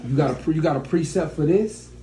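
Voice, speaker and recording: A man's voice: fairly high pitch, quick pace, warm tone. A man teaching a study group, speaking in a blunt, profane, mocking way. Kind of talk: preaching to a class. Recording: echoey room, faint background noise.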